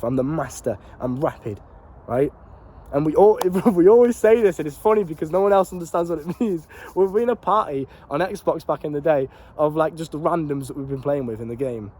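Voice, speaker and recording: A young man, telling a casual motivational story about a gaming inside joke. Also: fairly high pitch. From Britain. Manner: animated and swearing, slangy and repetitive. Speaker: vlogger and life coach.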